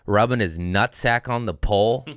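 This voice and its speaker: A man's voice: on the low side, moderate pace, a bit bright, clear, resonant tone, no echo, studio quality. A man doing a comedic podcast monologue, riffing casually and breaking into profane rants with self-mocking asides. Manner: profane ranting with rising outbursts.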